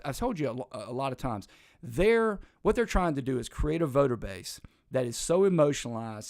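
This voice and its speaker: A man's voice: medium pitch, dry recording, studio quality. Emphatic man hosting political commentary. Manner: emphatic, rambling, with frequent restarts and sarcastic asides.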